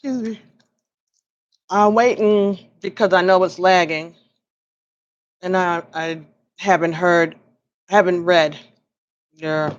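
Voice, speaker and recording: Slow-talking tired woman reading tarot. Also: lowish voice, steady tone, dull audio. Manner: chatty, laughs often, talks to viewers by name. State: tired, yawning. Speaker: tarot reader hosting a live stream. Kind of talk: casual live-stream chat and card reading.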